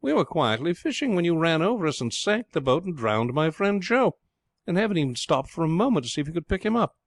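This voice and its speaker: A man's voice: a little high, wildly swooping pitch, normal speed, dry recording, voice pushed up. A man voicing a well-bred, spirited young lad who speaks earnestly and outspokenly in a storybook reading. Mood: indignant.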